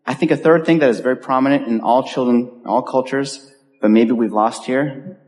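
A man preaching a sermon as pastor, earnest and pleading, his voice dropping softly at the ends of phrases. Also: medium pitch, moderate pace, in a large hall. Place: church sanctuary.

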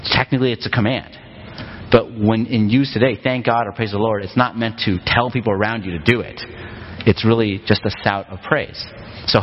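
A pastor preaching a sermon in a relaxed, conversational way, often asking the congregation rhetorical questions. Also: male voice, mid-range voice, fairly quick, a little hiss or hum. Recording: long hall reverb, dull lo-fi sound.

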